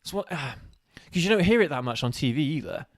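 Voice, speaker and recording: Halting man searching for words. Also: on the high side, lively intonation. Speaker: co-host of a live show. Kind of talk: casual live-stream chat.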